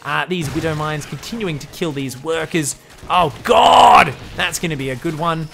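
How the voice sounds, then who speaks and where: Brief: a joking, foul-mouthed male game caster with a bright tone. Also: a little high, fairly even intonation, fairly quick, faint music behind. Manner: profane, joking, sarcastic. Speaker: game commentator. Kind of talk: comedic game commentary.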